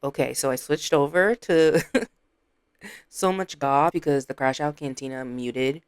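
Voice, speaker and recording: A woman reaction streamer giving casual commentary, teasing and laughing with loud exclamations. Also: deep voice, a little slow, smooth.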